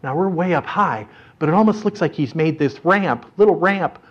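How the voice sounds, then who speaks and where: A man preaching a sermon through an animated story in front of a congregation, dramatically shifting his voice as he tells it. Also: a little high, fairly quick. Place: church or hall with an audience. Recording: dull lo-fi recording.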